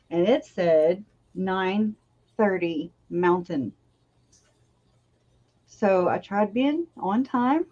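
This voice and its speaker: A woman's voice: mid-range voice, darkish tone, muffled recording. A woman hosting a casual livestream chat, talking loosely and laughing often between remarks. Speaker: channel host.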